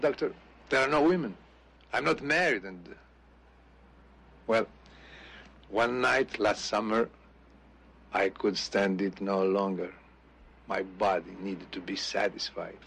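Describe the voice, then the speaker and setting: A man's voice: medium pitch, a bit bright, husky. An actor playing a lovesick male mountain shepherd in a comic film, talking earnestly and confessionally.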